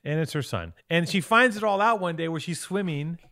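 Profane excitable man recapping a movie. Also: a little high, fairly quick. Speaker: podcast co-host. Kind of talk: casual chat.

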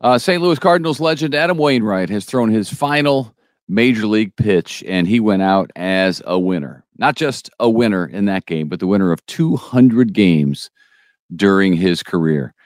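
Male news podcast co-host, very deep, stop-start delivery, dry booth sound. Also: expressive, no echo. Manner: halting, restarts often, opinionated asides. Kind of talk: casual news chat.

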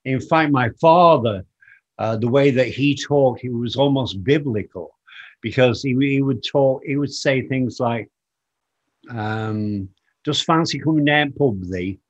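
A middle-aged man from northern England with a Lancashire accent worn down by years in America, thinking aloud in a relaxed interview and often repeating his words. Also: medium pitch. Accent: Lancashire, softened by decades in America. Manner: reflective, halting, repeats words when starting. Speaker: guest musician. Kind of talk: casual interview chat. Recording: muffled lo-fi audio.

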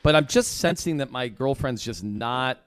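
A man's voice: medium pitch, expressive, moderate pace, a little hiss or hum. A man co-hosting a podcast in casual chat, rambling a bit and quoting himself. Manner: rambling, trails into self-quotes. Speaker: podcast co-host.

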